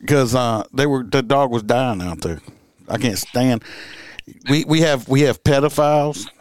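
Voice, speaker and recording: A man's voice: mid-range voice, measured pace, a little mellow, dry recording. A man co-hosting a casual podcast, a police officer telling stories in a folksy, profane way with many fillers.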